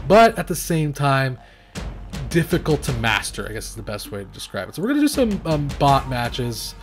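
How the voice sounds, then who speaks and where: A young man giving rambling, self-mocking commentary while playing and reviewing a strategy game, now and then shouting at his units. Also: a little high. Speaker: gaming video reviewer. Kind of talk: casual gameplay commentary.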